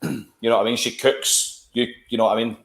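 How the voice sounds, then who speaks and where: A man's voice: medium pitch, steady tone, fast, gravelly, roomy sound. A man chatting casually as podcast co-host, rambling and repeating words. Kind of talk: casual chat.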